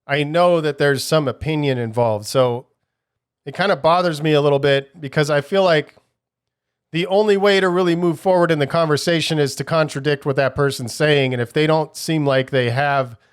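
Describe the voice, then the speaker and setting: A man's voice: fairly high pitch, smooth. A man hosting a podcast alone, talking casually and thoughtfully, with frequent restarts and filler as he muses. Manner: rambling, many restarts, musing. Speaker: podcast host. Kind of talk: casual solo podcast talk.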